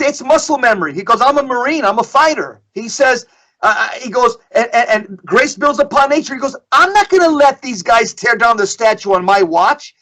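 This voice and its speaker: Middle-aged male guest storyteller, high and bright, emphatic, repeats phrases. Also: rough recording. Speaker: guest speaker. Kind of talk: storytelling in a podcast discussion.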